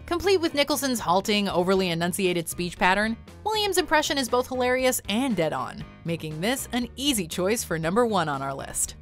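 A woman's voice: medium pitch, fairly quick, few pauses, faint music behind. A woman narrating a countdown video in an upbeat scripted style. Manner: upbeat, lively list presenting.

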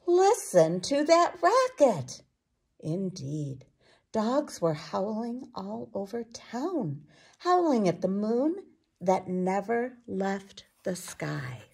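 Slow, husky woman reading a picture book. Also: mid-range voice. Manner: expressive, unhurried storytelling. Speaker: children's storyteller. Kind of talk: picture book read-aloud.

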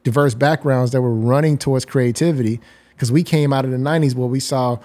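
A man's voice: mid-range voice, fairly even intonation, fairly quick, a little mellow. A man in his forties, a guest designer, explaining his views at length in an interview. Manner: articulate, explains ideas at length. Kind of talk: reflective interview talk.

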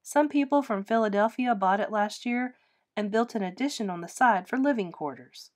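A woman reading a storybook aloud and voicing an enthusiastic, dreamy mother who coaxes her children in a bright voice. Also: medium pitch, normal speed, natural voice. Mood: cheerful coaxing. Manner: bright and coaxing.

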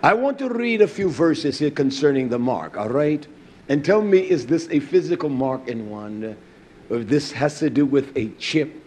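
A man preaching a fervent sermon in a high voice. He sinks into low, hushed phrases and then rises to loud declaiming. He scatters Hebrew terms through his speech. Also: animated, normal speed, a little hiss or hum. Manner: impassioned, swings from low murmurs to loud declaiming.

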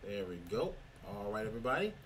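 A man's voice: on the low side, sing-song, fast, fairly bright tone. A man hosting an online meetup on a video call, easygoing and talking through what he does on screen. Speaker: meeting host. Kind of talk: casual online meetup chat. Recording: distant mic with faint noise.

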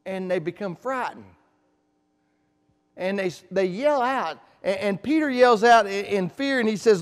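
A male pastor preaching a sermon in a church sanctuary, emphatic and repetitive, dropping to quiet asides. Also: high voice, a little slow. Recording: long church reverb.

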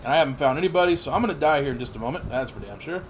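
A man in his thirties rambles through live gameplay commentary, swearing freely and bursting into excited yells. His voice sits a little high for a man. A faint hiss of noise runs under the recording. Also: racing. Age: 30s. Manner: rambling, profane, excitable outbursts. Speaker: gaming channel host.

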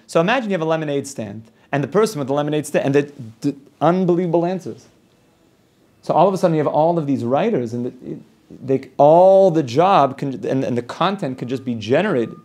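A man's voice: fairly high pitch, animated, moderate pace, darkish tone. A man who is a rabbi teaching an informal Torah class. He explains ideas through long worked examples and often restarts his sentences.

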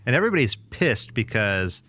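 A man co-hosting a podcast in casual chat, relaxed and quick to chime in. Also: medium pitch, dry recording. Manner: relaxed, reacts with short replies and laughs. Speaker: podcast co-host.

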